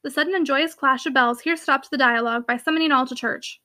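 A woman reading a classic novel aloud as podcast host, in a steady, clear narrating voice. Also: sits high, fast, no room sound. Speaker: podcast host and audiobook reader. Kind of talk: audiobook narration.

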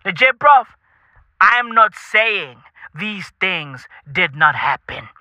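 A man's voice: sits high, very animated, slow pace, pushed and bright, no echo. A South African man hosting a podcast, ranting in a profane comedic style with swaggering slang and repeated phrases. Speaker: podcast host. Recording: dull lo-fi dry recording.

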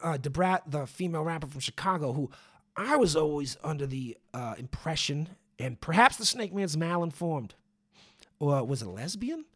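A man's voice: fairly high pitch, expressive, moderate pace. A man hosting a podcast on his own, talking in a rambling, profane way with lots of fillers and asides. He has had the hiccups for days. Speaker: podcast host. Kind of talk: casual solo podcast monologue.

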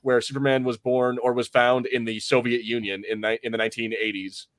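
A man's voice: medium pitch, little pitch movement, brisk, fairly bright tone, dry recording, clean studio sound. Rambling American man on a podcast. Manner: rambling, self-correcting, laughs often. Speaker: podcast co-host. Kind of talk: casual chat.

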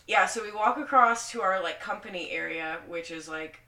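A woman telling an animated, profanity-laden story in casual podcast chat, in an echoey room with the mic at a distance. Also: medium pitch, normal speed.

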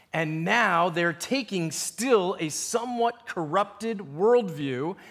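A man preaching a sermon as a pastor, animated and playful, acting out quoted voices. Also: sits high. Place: church.

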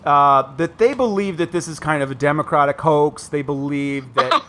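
A man in his thirties co-hosting a casual podcast, complaining in an animated, exaggerated way with frequent laughs. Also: fairly high pitch, normal speed, background noise. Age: 30s. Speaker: podcast co-host.

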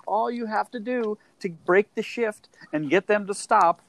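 A man's voice: high voice, creaky. A man co-hosting a casual baseball talk show, stopping and restarting his sentences often. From northwestern United States. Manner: halting, many restarts and fillers. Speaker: podcast co-host. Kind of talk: casual sports chat.

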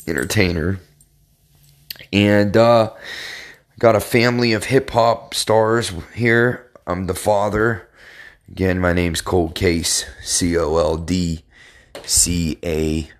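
A man's voice: sits low, no echo, clean studio sound. A middle-aged man from Pittsburgh, tired and yawning, hosting a laid-back, rambling podcast monologue. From Pittsburgh, Pennsylvania. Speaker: podcast host and rapper.

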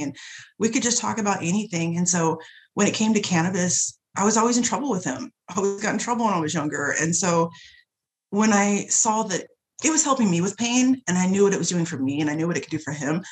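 A woman guest telling personal stories in a casual chat, lively and swearing freely. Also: mid-range voice. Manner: animated, profane, swears freely. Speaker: guest, shop owner.

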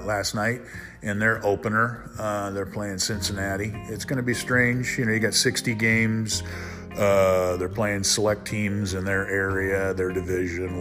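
Rambling low-voiced male podcaster. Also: fairly bright tone. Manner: rambling, frank, swears when worked up. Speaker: podcast host. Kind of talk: casual solo podcast monologue.

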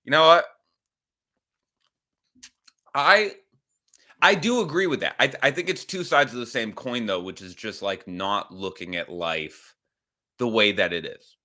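A man's voice: on the low side, moderate pace, bright, forceful tone. A man hosting a podcast livestream, rambling casually with some swearing and reacting to chat comments. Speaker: podcast host.

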